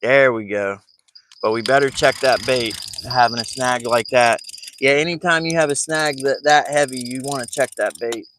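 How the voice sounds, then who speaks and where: A man's voice: mid-range voice, normal speed, fairly bright tone, a little hiss or hum. A man telling a rambling story to camera while fishing from a boat. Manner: rambling, chatty, laughs through his story. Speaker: fishing vlogger.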